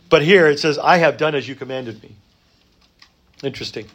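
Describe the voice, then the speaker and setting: A man preaching a sermon in a conversational way, rising for emphasis and dropping to soft asides. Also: on the high side. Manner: conversational, many fillers and restarts. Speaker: pastor.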